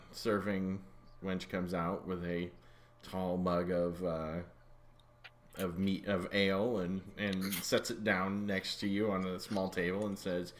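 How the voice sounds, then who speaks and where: A man's voice: sits low, a bit bright. Rambling man running a tabletop game. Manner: loose, rambling, filler-heavy. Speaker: game master.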